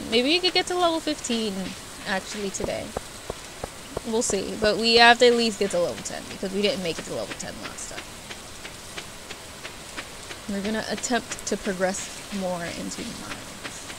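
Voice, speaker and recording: A young adult woman streaming a video game, chatting casually and rambling, playfully yelling at enemies. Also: a little high, a little hiss or hum, poor audio. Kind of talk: casual gameplay commentary. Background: game music.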